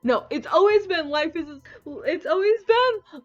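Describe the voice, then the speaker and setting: A young woman with a high voice talks straight to the camera, casual and animated, and keeps bursting into disbelieving, swearing outbursts. The sound is dull and lo-fi, with faint music underneath. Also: slow pace, few pauses. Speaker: vlogger. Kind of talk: reacting to Mandela effects, casual vlog.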